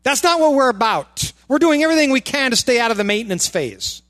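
A man's voice: very high-pitched, very animated, quick pace, a bit bright, no room sound, clean studio sound. A male pastor preaching a sermon in church, firing rhetorical questions and repeating words for emphasis.

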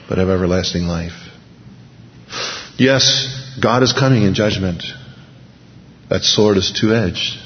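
A man's voice: low-pitched, creaky. A man preaching an impassioned sermon in a church hall, building to emphatic repeated peaks. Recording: dull lo-fi recording with long hall reverb.

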